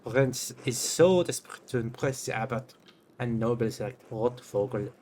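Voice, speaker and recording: Young guy streaming, chatty and playful, swears a bit, mid pitch, faint noise. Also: moderate pace, darkish tone. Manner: playful, swearing, reacts with little gasps and laughs. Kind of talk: casual game commentary and reading dialogue aloud.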